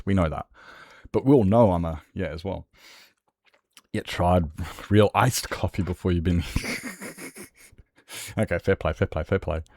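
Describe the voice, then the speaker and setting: A man's voice: sits low, darkish tone, no echo. An Australian man chatting casually and swearing freely with his viewers as a livestreamer, rambling from one thought to the next.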